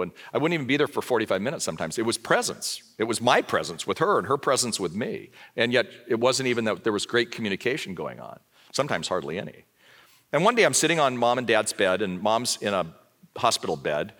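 Lively older man preaching a sermon. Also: on the low side. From Southern California. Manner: lively storyteller, acts out dialogue. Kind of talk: sermon with personal storytelling.

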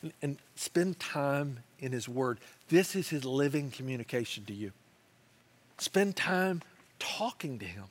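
Man, pastor, middle-aged, sermon, very animated pitch, storytelling. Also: measured pace. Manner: animated storytelling, acts out quoted voices.

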